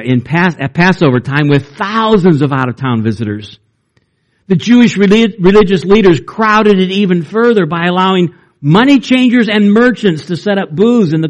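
Man preaching, higher-pitched voice. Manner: conversational, with fillers and restarts; pitch climbs when he reads or retells. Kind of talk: sermon.

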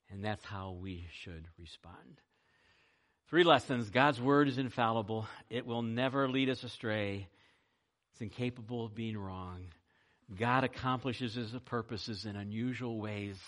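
A man's voice: fairly low pitch, a bit bright. A man, a pastor, preaching a sermon and leading a closing prayer, speaking earnestly, with rising emphasis and frequent filler words.

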